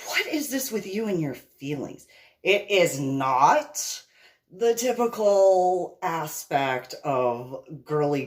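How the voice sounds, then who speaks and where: A middle-aged woman telling a personal story in a casual way, acting out the other people's voices and laughing often. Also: rumbling low. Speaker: storyteller recounting a personal event.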